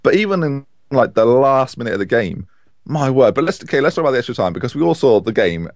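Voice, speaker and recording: A man co-hosting a casual football podcast, animated and opinionated. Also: medium pitch, fast, dry recording, clean studio sound. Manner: animated, opinionated, chatty with restarts. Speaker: podcast co-host.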